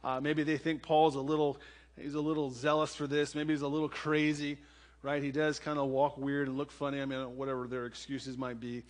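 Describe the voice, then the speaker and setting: A man's voice: medium pitch, level tone, fairly quick. A man preaching as a church pastor, talking the listeners through a scripture passage in a conversational way and often asking "right?". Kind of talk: sermon with scripture reading and prayer.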